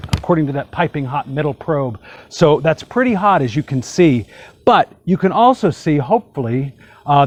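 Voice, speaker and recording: Man, casual how-to host, chatty, folksy, joking asides, slightly high voice. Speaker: hot tub channel host.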